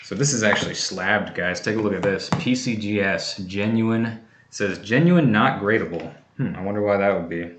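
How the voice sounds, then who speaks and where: A man's voice: fairly low pitch, moderate pace, fairly bright tone, reverberant, a little hiss or hum. A man hosting a casual livestream, chatting easily while he opens fan mail, with many fillers and restarts. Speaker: coin collecting channel host.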